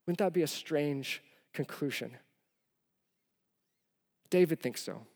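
A man preaching a sermon as pastor, a father of four who tells stories animatedly, dropping to a hush and rising to loud. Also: fairly high pitch, takes it slowly. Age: young adult to middle-aged, father of four. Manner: animated storytelling, swinging from loud to hushed. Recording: long reverb of a large hall.

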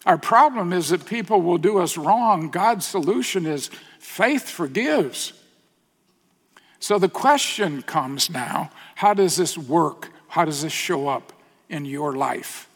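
A middle-aged male pastor delivers a sermon at a very unhurried pace, with a somewhat high voice. His earnest storytelling often sinks to a soft, hushed tone. Long reverb from the hall trails behind his words. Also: lively intonation, breathy edge.

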